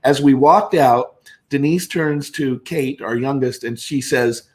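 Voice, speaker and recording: A man's voice: mid-range voice, a little slow. A man guest on a talk show, telling stories in conversation and acting out the voices of the people in them. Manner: animated anecdotes with quoted voices. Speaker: guest speaker. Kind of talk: storytelling in conversation.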